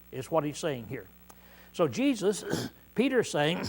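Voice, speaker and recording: A male preacher delivering a conversational sermon, reading scripture aloud and then explaining it in plain words, often clearing his throat. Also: fairly high pitch, big pitch swings, measured pace. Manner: conversational, uses hands-on demonstration with congregation.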